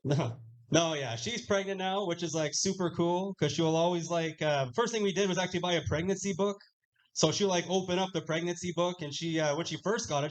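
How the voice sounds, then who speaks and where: A man's voice: on the high side, a little fast, low-quality recording. A young man doing a live stand-up set on a small lounge stage, offhand and swearing, laughing at his own jokes. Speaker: stand-up comedian.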